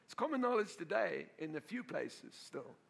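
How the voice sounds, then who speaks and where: A male pastor preaching a sermon to a congregation, telling a story in an animated way, laughing and often repeating and restarting his words. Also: sits high, normal speed, gravelly.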